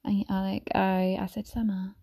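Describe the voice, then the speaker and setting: A woman talking softly as a mother sharing reflections, drifting often into whispers and meandering with many fillers and restarts. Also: mid-range voice, level tone, a little slow, vocal fry. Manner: soft, gentle, slipping into whispers. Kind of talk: soft-spoken ASMR talk.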